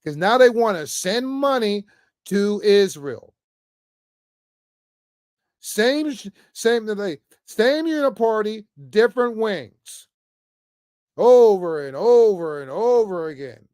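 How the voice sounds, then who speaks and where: A man's voice: high-pitched, expressive, takes it slowly, long pauses, a little mellow, clear, resonant tone, no echo, clean studio sound. A man giving an off-the-cuff political rant to camera, emphatic and repetitive, stammering often and ending phrases with "man". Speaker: political commentator vlogger.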